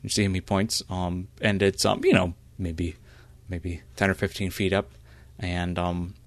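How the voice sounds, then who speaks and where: A man narrating a role-play as game master, halting with many fillers. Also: low-pitched, little pitch movement, dry recording.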